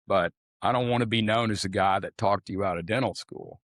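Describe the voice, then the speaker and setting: A man's voice: fairly low pitch, brisk, fairly bright tone, no room sound, studio quality. An older man, a former swim coach telling rambling, folksy stories as a podcast guest. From Arkansas. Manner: folksy, rambling anecdotes with casual swearing. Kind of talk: storytelling in a podcast interview.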